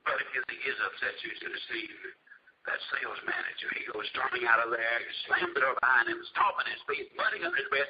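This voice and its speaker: A man giving a motivational speech as an animated, dramatic storyteller. The recording is dull and lo-fi with a faint hiss. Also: sits high, fairly quick. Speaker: motivational speaker.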